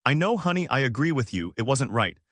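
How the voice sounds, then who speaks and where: A man voicing a tired, gentle middle-aged father who speaks softly and carefully. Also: medium pitch, very animated, fairly quick, no echo. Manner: soft and careful.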